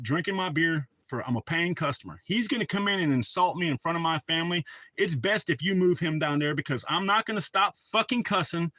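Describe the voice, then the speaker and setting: A man spins a story in casual chat, blunt and cursing freely. His voice sits a bit high and comes through bright and forceful. The sound is close and dry, with little room in it. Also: dry recording, low-quality recording. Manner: blunt and heavily profane.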